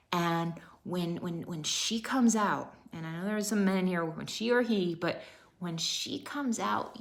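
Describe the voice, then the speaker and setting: A woman in her thirties, a fitness coach giving an emphatic motivational talk on a live stream, repeating her rallying phrases. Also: medium pitch.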